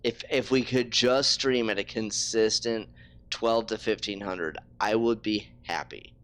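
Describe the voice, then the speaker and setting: A man's voice: fairly low pitch, fairly even intonation, unhurried, a bit bright. A man streaming a game live, ranting in frustration and swearing freely. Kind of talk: casual live-stream talk.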